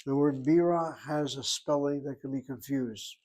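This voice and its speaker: A man's voice: medium pitch, fairly even intonation, moderate pace, darkish tone. An older man teaching a Hebrew class, explaining words and asking and answering his own questions. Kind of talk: classroom lecture.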